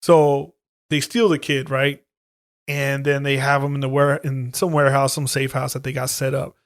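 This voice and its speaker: A man's voice: level tone, normal speed, no room sound, clean studio sound. A man co-hosting a podcast, casually recapping horror stories in slang and muttering the characters' lines. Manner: laid-back, slangy, voices characters in low mutters. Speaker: podcast co-host. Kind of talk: casual profane chat.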